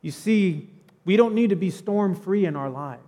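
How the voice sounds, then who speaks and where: A pastor giving a sermon in a church, telling the story in a conversational, animated way with casual asides. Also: male voice, high-pitched, moderate pace, in a large hall. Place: church sanctuary.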